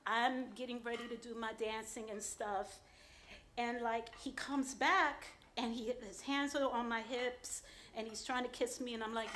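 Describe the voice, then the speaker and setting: A woman's voice: a little high, moderate pace, a bit bright, slight background noise. A woman author telling a frank, profane personal story on a small club stage. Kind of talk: live storytelling.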